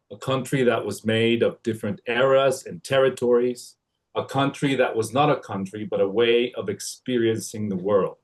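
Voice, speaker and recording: A man from Mexico joining by livestream to read a written tribute, hesitant at first, then steady and poetic. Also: medium pitch. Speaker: family friend giving a tribute. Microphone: livestream connection.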